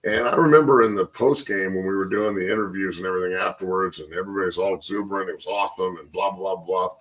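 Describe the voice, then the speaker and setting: A man's voice: deep voice, quick pace, a bit bright, recorded from a distance, rough recording. A man hosting a casual sports talk show, reflecting in a rambling way and getting choked up. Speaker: sports show host, former player.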